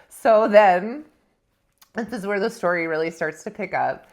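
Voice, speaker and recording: A young woman hosting a spiritual podcast, telling a personal story in a casual, animated way, laughing often and acting out her own quoted lines. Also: medium pitch, normal speed. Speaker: podcast host.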